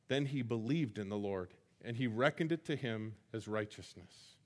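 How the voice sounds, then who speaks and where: A man's voice: medium pitch, expressive, normal speed. A man preaching a sermon, retelling scripture stories in an earnest, conversational way with frequent restarts. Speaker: pastor.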